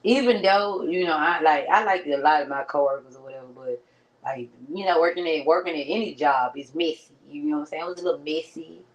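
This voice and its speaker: Young woman vlogger, low voice, casual slangy pep talk straight to camera, keeps saying friend. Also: fairly quick, muffled recording. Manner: slangy, conversational, keeps addressing viewers as friend. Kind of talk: casual motivational chat. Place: at home. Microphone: streaming setup.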